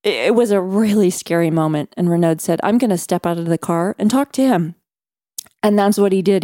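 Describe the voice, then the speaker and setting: A woman guest on a faith podcast, earnestly telling a personal story with measured pauses. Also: on the low side, darkish tone, no room sound, studio quality. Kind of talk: storytelling interview.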